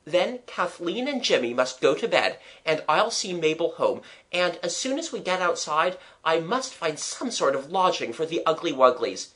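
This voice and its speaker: A plucky storybook schoolboy calls out in a loud, forced-cheerful voice, done by a reader. The voice sits high and swings about with lively ups and downs. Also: normal speed, few pauses. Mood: jolly. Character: cheery schoolboy, brave, putting on jollity.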